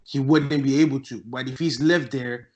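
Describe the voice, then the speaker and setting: A man's voice: mid-range voice, fairly even intonation, moderate pace, muffled recording. A man from Ghana making his point in a casual podcast debate, emphatic and argumentative, restarting his sentences often. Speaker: podcast guest, musician.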